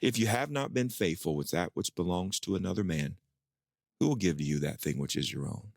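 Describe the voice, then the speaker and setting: A pastor telling a personal story in a sermon, acting out his own past dialogue with lively rises in pitch. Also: a little fast, gravelly, no room sound, clean studio sound.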